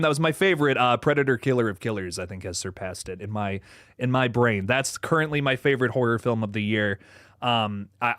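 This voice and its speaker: A man's voice: mid-range voice, no room sound, studio quality. A man hosting a casual livestream, reading viewer comments, rambling with frequent swearing and laughter. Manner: animated, rambling, swears freely, laughs often. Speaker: livestream host.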